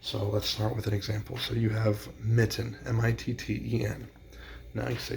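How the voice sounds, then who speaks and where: A man's voice: lowish voice, monotone, moderate pace, creaky, darkish tone, a little hiss or hum. A man explaining a classroom teaching strategy in a plain, practical way. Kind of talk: instructional explainer.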